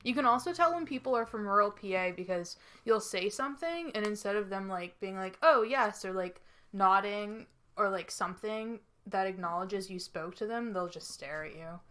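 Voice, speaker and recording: Bright-sounding young woman from kansas, deadpan podcast chat. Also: medium pitch, normal speed. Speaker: podcast co-host. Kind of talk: casual chat.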